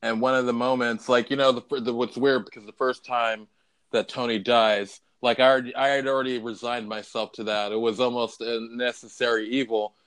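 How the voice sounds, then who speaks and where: A man with a smooth, resonant voice talks in a loose podcast chat. He swears freely and retells scenes with feeling, often quoting lines. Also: medium pitch, level tone, a little fast, a bit bright. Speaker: podcast co-host. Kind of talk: casual chat.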